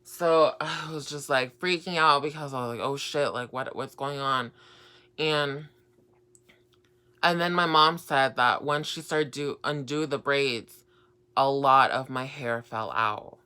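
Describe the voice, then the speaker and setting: A woman's voice: sits low, measured pace, pushed and bright, clear, resonant tone. A young woman telling a personal story in a casual vlog, rambling with many fillers and restarts. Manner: rambling, lots of fillers and repeats. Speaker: vlogger.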